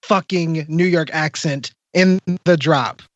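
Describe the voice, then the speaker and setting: A man's voice: fairly high pitch, slow, no echo, lo-fi sound. A man co-hosting a casual film review podcast, hesitant and searching for his words. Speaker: podcast co-host.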